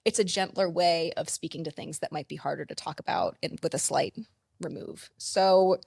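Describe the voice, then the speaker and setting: Gravelly-voiced woman therapist explaining. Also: lowish voice, fairly even intonation, normal speed, darkish tone, dry recording, clean studio sound. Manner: explanatory, frequent "like" fillers. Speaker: counselor and play therapist, guest. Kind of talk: conversational interview.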